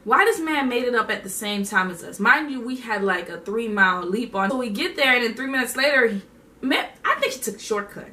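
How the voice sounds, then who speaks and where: Young woman, from Haiti, casual vlog storytelling, slangy and animated, bright voice, distant mic. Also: a little high, fairly quick. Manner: animated, slangy, laughs through her story. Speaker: vlogger.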